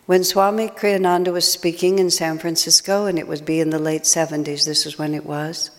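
A woman's voice: low voice, level tone, a little fast. Older woman telling a story in a hall. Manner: chatty, self-mocking, laughs often. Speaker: spiritual teacher. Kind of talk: talk with a personal story. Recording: long hall reverb.

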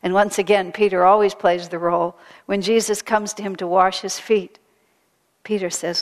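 A woman retelling a sacred story as a spiritual teacher, soft-spoken and earnest, often dropping to a hush and repeating phrases for weight. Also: mid-range voice, fairly even intonation, moderate pace, big-room sound.

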